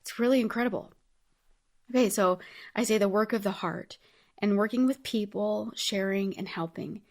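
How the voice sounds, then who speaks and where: A woman's voice: mid-range voice, normal speed. A woman hosting her own show, talking through a personal story in an earnest, heartfelt way, chatty and full of casual fillers. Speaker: podcast host. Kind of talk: personal reflective monologue.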